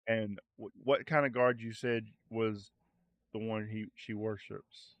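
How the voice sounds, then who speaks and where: A man's voice: on the low side, fairly even intonation, a little slow, dry recording. A man narrating a tabletop role-play game as game master, in a loose conversational way with fillers.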